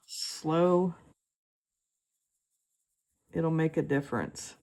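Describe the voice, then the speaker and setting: A woman with a low voice guides a relaxed draw-with-me lesson. Her tone has a gravelly fry, and she talks unhurriedly, full of fillers and half-finished thoughts. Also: measured pace. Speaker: art tutor.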